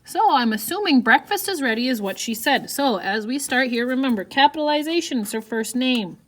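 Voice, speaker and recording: Woman teacher going over a worksheet, kinda high voice, reads quotes in a perkier tone. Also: lively intonation, fairly quick, a bit bright. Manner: reads quoted lines in a lifted voice; talks through her writing step by step. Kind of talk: classroom writing lesson.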